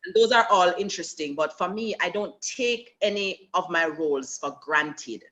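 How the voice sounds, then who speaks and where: A Jamaican actress in an interview, telling stories animatedly and slipping into patois. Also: female voice, lowish voice, normal speed. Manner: animated storyteller, slips into patois. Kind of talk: conversational interview.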